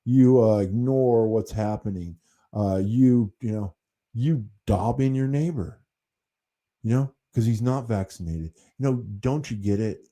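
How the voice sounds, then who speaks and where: A man's voice: on the low side, a little slow, warm tone. Indignant rambling American man on a livestream. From United States. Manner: indignant, rambling, full of fillers and restarts. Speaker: livestream host.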